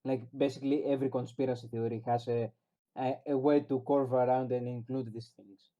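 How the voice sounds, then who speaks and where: A man's voice: mid-range voice, little pitch movement, brisk, warm tone, dull audio. A man in casual podcast chat, making wry remarks with hesitant fillers. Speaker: podcast co-host.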